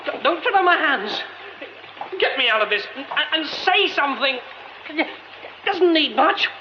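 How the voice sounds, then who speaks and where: An actor playing a flustered young theatre director, muttering to himself in a radio drama. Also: male voice, fairly high pitch, sing-song, a little slow, highs cut off, background noise. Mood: panicked. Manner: muttering to himself, then panicked.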